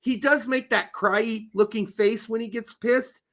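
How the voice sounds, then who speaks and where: A man's voice: very high-pitched, steady tone, a little slow. A man hosting a casual sports talk show, ranting in a heated, profane way. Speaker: podcast host.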